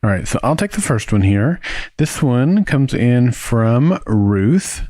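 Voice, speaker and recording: A man's voice: mid-range voice, slow, no room sound. Jokey male podcast host, dry close mic. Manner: jokey, animated recapping. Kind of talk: casual podcast chat.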